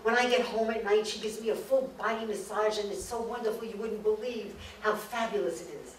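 A woman voicing a weepy old newlywed man who complains in a whiny, drawn-out way, recorded in an echoey room from far off. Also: medium pitch, steady tone, a little hiss or hum, voice pushed up, close to an everyday voice.

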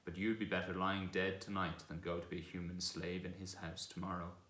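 A proud, brisk talking war horse, a stallion with a scornful, commanding manner, as a man reads him aloud from a storybook. The voice is very deep and low. It rings in an echoey room. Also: little pitch movement, fairly bright tone. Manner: brisk, commanding, contemptuous at times.

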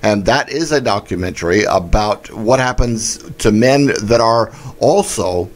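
A man's voice: lowish voice, animated, a little slow. A man hosting a live talk radio show, upbeat and chatty with many fillers.

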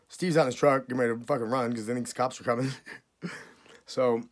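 A man's voice: medium pitch, fast. A man ranting to camera about being wronged. He swears constantly and his voice keeps jumping up in outrage. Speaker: vlogger. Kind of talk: angry profane rant to camera.

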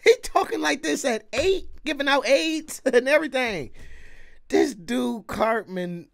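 A man's voice: very high-pitched, animated, measured pace, creaky. A man hosting a reaction video, casually commenting with slang, exclamations and frequent laughter.

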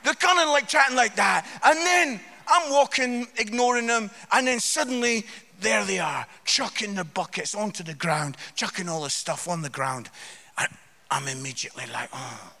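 Gravelly, bright-voiced Scottish man telling stories. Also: normal speed. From Scotland. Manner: animated, swings between loud outbursts and low asides. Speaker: comedian guest speaker. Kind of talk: live comic storytelling to a church congregation. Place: church hall before a live audience.

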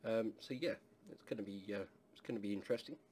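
A man's voice: on the low side, quick pace, darkish tone, slight background noise. A man from England casually reviewing a hot sauce, rambling with lots of fillers and asides.

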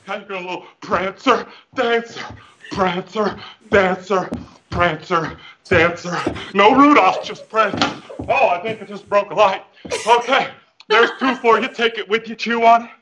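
A man's voice: high-pitched, moderate pace, lo-fi sound, background noise, voice pushed up, lightly acted. A man playing a goofy, overconfident fitness coach who also preaches, with hammy, over-the-top motivational patter over a video call. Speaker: fitness guest. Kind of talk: comic character interview over video call. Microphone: headphones with mic.

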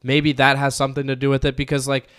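A man's voice: medium pitch, completely flat delivery, fast, a bit bright, clean tone. A young man from North Carolina with a light Southern accent, hosting a casual interview and rambling with lots of fillers and restarts. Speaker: podcast host.

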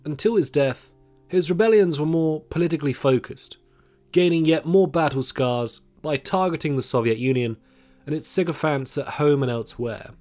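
A man giving scripted documentary narration on history, measured and reading quotations aloud, with faint music behind him. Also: fairly high pitch, a little mellow.

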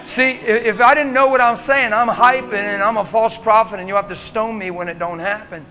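An American man preaching a sermon in a church, impassioned, swinging from loud urging to hushed tones. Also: sits high, steady tone, fairly quick. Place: church sanctuary.

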